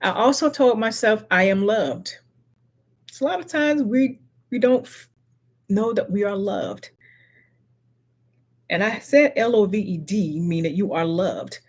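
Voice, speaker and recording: A middle-aged woman hosts a motivational live stream. She talks slowly and earnestly, circling back to repeat each affirmation as if speaking to one viewer. She sits close to the mic. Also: mid-range voice.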